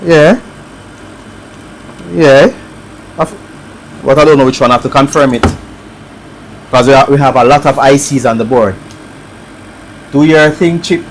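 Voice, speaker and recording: A man with a Jamaican accent chatting casually on a live stream as he works on a repair, reading viewer comments aloud and thinking out loud. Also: mid-range voice, slight background noise, low-quality recording. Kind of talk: casual live-stream chat while working.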